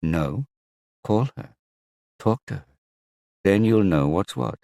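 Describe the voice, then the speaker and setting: A man voicing a firm, caring woman who gently urges her partner on, in an audiobook. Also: fairly low pitch, animated, slow pace, vocal fry, no echo, clean studio sound, voice pushed up, full character voice. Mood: coaxing.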